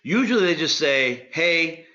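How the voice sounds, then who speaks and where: A man giving a sales training talk, direct and energetic, speaking to his listeners like friends. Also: mid-range voice, moderate pace, lo-fi sound. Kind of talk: instructional talk.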